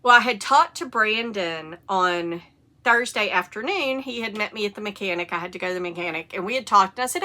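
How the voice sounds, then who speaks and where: A middle-aged woman, hosting a casual knitting podcast and telling animated stories, with the occasional cough and hiccup. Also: medium pitch, a little fast. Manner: chatty, animated storytelling with rising excitement. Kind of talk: casual chat.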